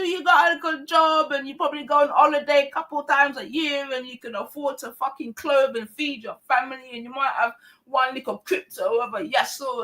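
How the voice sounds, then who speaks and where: A woman's voice: on the high side, bright, forceful tone. A woman hosting a livestream, ranting combatively in heavy slang and swearing, repeating her points. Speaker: livestream host. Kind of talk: heated livestream rant.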